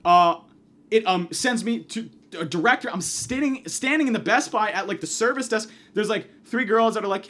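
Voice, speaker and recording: A man's voice: sits high, moderate pace, a bit bright. A man doing a comedic monologue, ranting angrily and profanely, acting out the people he quotes.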